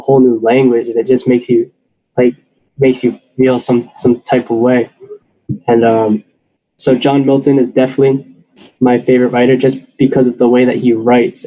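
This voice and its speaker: A man's voice: mid-range voice, dark tone, highs cut off. A young man, a senior student, talking earnestly and hesitantly about his favorite books, with many restarts. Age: young adult. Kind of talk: casual spoken reflection.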